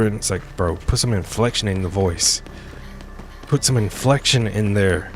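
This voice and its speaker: A man's voice: lowish voice, moderate pace, soft background music. A young man casually commentating while playing a game, rambling, joking and interrupting himself. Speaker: streamer.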